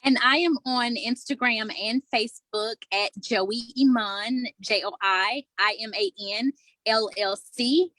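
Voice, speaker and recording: Slow, careful bright-voiced woman. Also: a little high, low-quality recording. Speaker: guest coach. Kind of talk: spelling out contact details.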